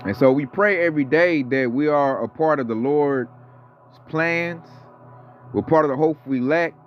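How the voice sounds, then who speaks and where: A man's voice: a little high, normal speed. A man in his thirties or forties giving a casual, fired-up sermon, slangy and profane. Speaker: preacher. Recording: dull lo-fi audio with faint music.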